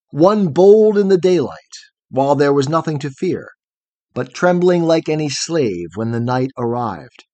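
A man narrating a fairy tale audiobook in a measured, expressive storytelling manner. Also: on the high side, no room sound.

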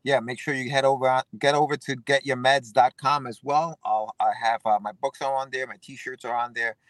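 A man's voice: medium pitch, fairly even intonation, moderate pace, fairly bright tone, no room sound. A man co-hosting a casual chat, easygoing and fond of repeating himself. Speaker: podcast co-host.

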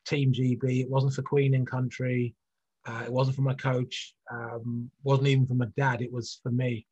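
A middle-aged man with a husky, mid-range voice, once an athlete, tells his story candidly and earnestly as an interview guest, full of fillers and restarts. It's reflective storytelling in conversation, captured on a dull, lo-fi recording.

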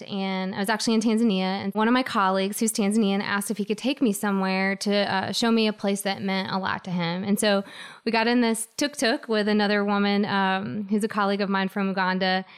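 A woman guest telling a personal story in an earnest, halting way with many fillers. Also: mid-range voice, clean tone.

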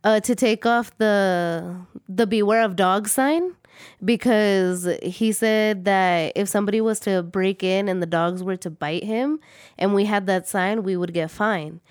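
A woman's voice: mid-range voice, measured pace, smooth, no room sound, studio quality. Young woman chatting, full of "like". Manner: profane, filler-heavy, lots of "like". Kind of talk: casual chat.

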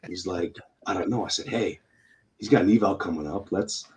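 A man, a retired Air Force NCO, telling old stories to friends in a lively, laughing, swearing way. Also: low-pitched, moderate pace, a little hiss or hum, low-quality recording. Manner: animated, laughing, swearing, acting out quotes. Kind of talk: casual storytelling among old friends.

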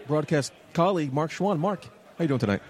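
A man's voice: a little high, animated, fairly quick, a little mellow. A man doing sarcastic, needling backstage interviews at a wrestling show.

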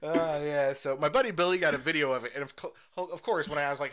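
A man's voice: on the high side, quick pace, few pauses. A young adult man co-hosting a casual podcast chat, telling stories with lots of swearing and laughter. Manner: animated storyteller, swearing, laughing, acting out voices. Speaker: podcast co-host.

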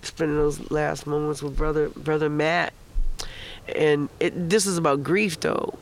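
A man's voice: fairly high pitch, level tone, measured pace. A man casually telling a candid, profane personal story about grief, acting out the voices of the people in it. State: emotional, recalling grief. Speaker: guest sharing a personal story. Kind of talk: casual conversation.

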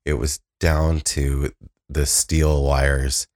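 A man's voice: a bass voice, level tone, extremely slow, darkish tone. A middle-aged man co-hosting a podcast, recounting a road trip in a hesitant, sheepish way full of fillers. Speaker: podcast co-host. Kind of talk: casual storytelling chat.

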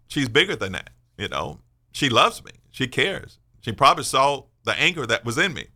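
A man's voice: medium pitch, sharp tone. A man in his sixties hosting a faith-based radio talk show, speaking earnestly and emphatically in a sermon-like way. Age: 60s. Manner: earnest, emphatic, personal testimony.

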